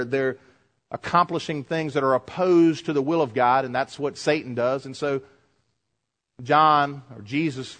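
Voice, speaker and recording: A man preaching a sermon as a pastor, swinging between loud, high emphasis and low, quiet asides. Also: big-room sound. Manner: preaching with swings in pitch and loudness.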